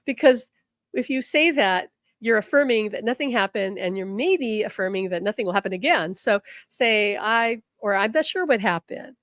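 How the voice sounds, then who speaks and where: A woman teaching a live spiritual class, encouraging and animated, acting out the people she quotes in her stories. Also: mid-range voice, moderate pace, dry recording, clean studio sound. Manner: animated storytelling, quotes people in changing voices; encouraging, repeats affirmations.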